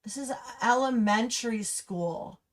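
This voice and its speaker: A woman hosting a livestream gives angry, impassioned commentary that runs restless and ranting. Her voice sits a touch higher than most. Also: unhurried. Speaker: livestream host. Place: Humboldt County, California.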